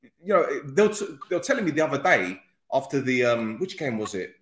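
A man's voice: mid-range voice, big pitch swings, fairly quick, a bit bright. Chatty man in an echoey room. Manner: chatty, rambling, jokey. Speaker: podcast host. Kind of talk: casual interview chat.

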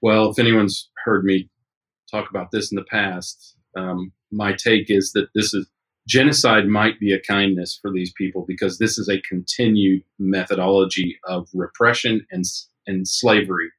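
A man's voice: low-pitched, steady tone, moderate pace, fairly bright tone, husky, low-quality recording. A man co-hosting a talk show, giving blunt, emphatic opinions in casual commentary. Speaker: podcast co-host.

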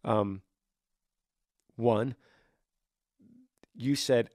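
A man's voice: medium pitch, very slow, long pauses, darkish tone, no room sound, studio quality. A man hosting a podcast, giving earnest faith-based advice in a casual way, often repeating and restarting phrases. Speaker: podcast host.

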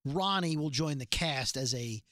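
A man's voice: fairly high pitch, measured pace, dry recording, clean studio sound. A man co-hosting a podcast, casually recapping a TV episode, reading lines out and swearing along the way. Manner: recounts scenes, reads lines out flatly, swears. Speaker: podcast co-host.

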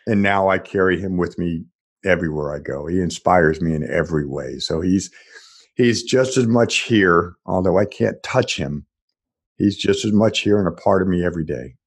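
A middle-aged man, a podcast guest, speaking earnestly and haltingly about personal loss. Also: deep voice, husky. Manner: earnest, halting with repeated starts. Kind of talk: reflective conversation.

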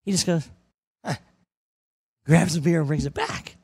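A man's voice: fairly high pitch, fairly quick, creaky, a little mellow, slightly rough, dry recording. A young adult man hosting a sports radio show, telling a story with lots of animation and repeated words. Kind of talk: casual chat and read promo.

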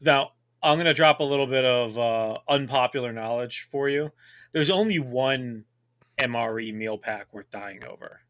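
A man in his thirties co-hosting a podcast in casual, profane chat, boisterous and quick to laugh. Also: mid-range voice, fairly bright tone. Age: 30s. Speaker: podcast co-host, military veteran.

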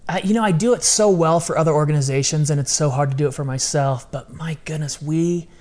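Man, middle-aged, fairly high voice, animated, repeats phrases, casual podcast chat. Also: fairly quick. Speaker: podcast guest, ministry founder.

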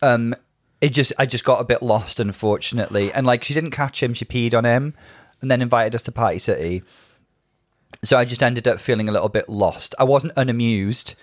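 A man's voice: mid-range voice, a little fast, dry recording, clean studio sound. A man co-hosting a podcast, giving chatty, reasoned opinions. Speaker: podcast co-host. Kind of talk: casual chat reviewing a drag show.

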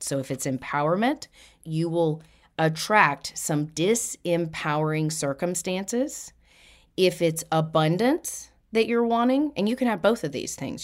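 Lively, fairly low-voiced woman teaching numerology. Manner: animated, uses vivid analogies and acted quotes; laughs lightly between phrases. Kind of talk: spiritual teaching talk.

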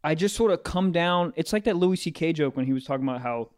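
A man's voice: fairly high pitch, lively intonation, fast, darkish tone. A man co-hosting a podcast, rambling and crude in casual chat. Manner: crude, rambling, swears freely. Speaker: podcast co-host.

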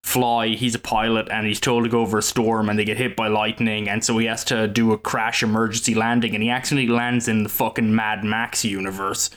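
A man with a fairly low voice co-hosts a casual comedy film podcast. He talks in a laid-back, sardonic way and swears casually. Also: little pitch movement, brisk, hardly any pauses, fairly bright tone. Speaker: podcast co-host.

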